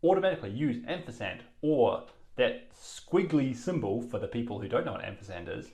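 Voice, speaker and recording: A man's voice: mid-range voice, expressive, a little fast, a little mellow, echoey room. A man with a New Zealand accent co-hosting a casual whiskey-tasting podcast, wry and teasing. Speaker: podcast co-host.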